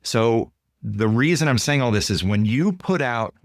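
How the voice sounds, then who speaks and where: A man, a guest author and consultant, explaining ideas in an interview with lively stories. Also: mid-range voice, a little slow, no room sound, clean studio sound. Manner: animated, acts out dialogue in quoted voices. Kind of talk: storytelling interview answers.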